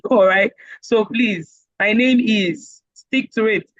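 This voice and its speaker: A Nigerian woman teaching a casual online speaking class, lively and joking as she acts out voices. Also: mid-range voice, takes it slowly, dry recording, muffled recording. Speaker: IELTS speaking instructor.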